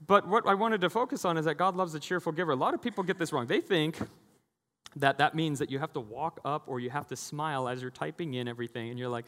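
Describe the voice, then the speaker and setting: A man's voice: a little high, animated, fast, fairly bright tone. Chatty pastor man in a reverberant hall. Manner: conversational, jokey, acts out quoted voices. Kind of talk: sermon.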